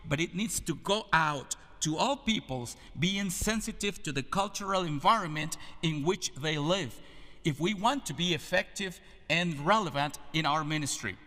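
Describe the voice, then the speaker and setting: A man with a Latin American Spanish accent, a native Spanish speaker, preaching an earnest, measured sermon with rhetorical questions. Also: on the high side, sharp tone. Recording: hall reverb.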